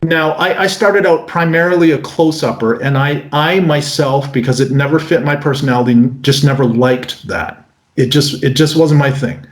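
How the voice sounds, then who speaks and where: A North American magician in his forties answering interview questions in a lively way. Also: on the high side, normal speed. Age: 40s. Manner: animated, breaks into mock voices. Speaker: magician guest. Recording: roomy echo.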